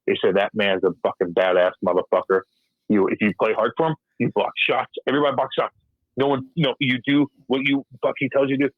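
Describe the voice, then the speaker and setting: Speaking fast with a breathy edge, this man has a medium pitch and fairly even intonation, heard over phone-quality sound with no echo. The former hockey enforcer is a guest in a casual, profane interview, blunt and laughing as he reenacts past exchanges.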